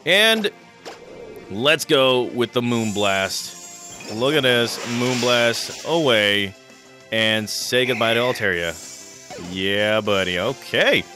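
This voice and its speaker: A man commentating a video game playthrough, chatty and excitable, with frequent stumbles and restarts. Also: medium pitch, slow pace, soft background music. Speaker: let's play commentator.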